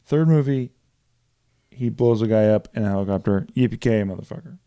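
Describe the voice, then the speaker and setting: A man telling movie stories in a casual podcast chat, profane and animated as he recaps plots. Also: on the low side, normal speed, smooth, dry recording. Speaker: podcast co-host.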